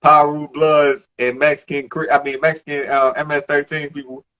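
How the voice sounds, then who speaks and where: A man in his thirties from the Bronx with a New York accent, telling stories in a casual interview, animated, emphatic and profane. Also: a little high, moderate pace. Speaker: former basketball player, guest.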